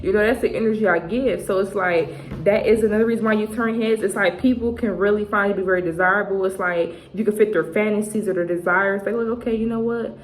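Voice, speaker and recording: A woman's voice: mid-range voice, steady tone, quick pace, hardly any pauses. A woman in her twenties giving a casual tarot reading to her viewers, chatty and full of slang, often acting out what other people say. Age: 20s. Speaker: tarot reader. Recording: echoey room with faint noise.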